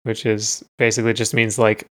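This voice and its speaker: Relaxed man in casual podcast chat. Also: lowish voice, a little fast. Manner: relaxed, wry, hesitant fillers. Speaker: podcast co-host. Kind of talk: casual chat about music.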